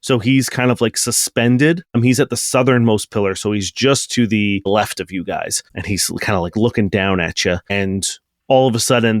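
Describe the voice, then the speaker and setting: A man's voice: on the low side, dry recording, studio quality. A man running a tabletop game as game master, narrating the action with many restarts and fillers. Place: home recording for an audio podcast.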